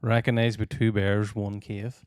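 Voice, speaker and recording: A man with a Tyrone-Fermanagh Northern Irish accent hosting a podcast as a comedian, sweary and quick to laugh. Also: on the low side, level tone, a little mellow, smooth, dry recording, studio quality. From Northern Ireland (Tyrone and Fermanagh). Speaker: podcast host, stand-up comedian. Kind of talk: casual podcast banter.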